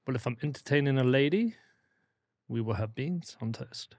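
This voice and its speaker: A man's voice: medium pitch, animated, moderate pace, darkish tone, no echo. A man with an English accent trading comedic interview banter. His replies come out dry, blunt and unimpressed. The sound is close and dead, with no room around it. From England. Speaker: interview guest.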